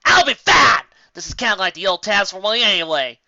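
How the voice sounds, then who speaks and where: A fan fiction reader voicing a brave wife who fights in battle, shouting urgently. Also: mid-range voice, very animated, a little fast, gravelly, no room sound, dull audio, voice pushed up, full character voice.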